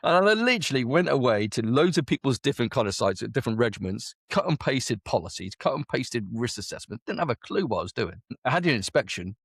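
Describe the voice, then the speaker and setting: Talking fast with hardly any pauses, a UK army veteran and business owner in his forties has a sing-song, mid-range voice. His casual interview is chatty and full of the dialogue he quotes while telling his story. There's no room sound, just clean studio audio.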